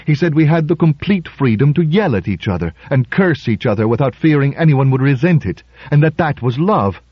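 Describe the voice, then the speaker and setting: A man doing a pushy, husky-voiced dinner host. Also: medium pitch, animated, a little fast, no echo, muffled recording, pitched above the performer's own voice. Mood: insistent. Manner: insistent, blustering. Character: pushy self-appointed male dinner host.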